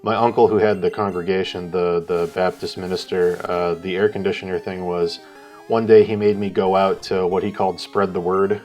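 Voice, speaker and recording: A low-voiced man co-hosting a live art stream tells a rambling story in casual chat, delivered flatly at a moderate pace. He swears and loudly acts out what people said, with soft music playing behind him.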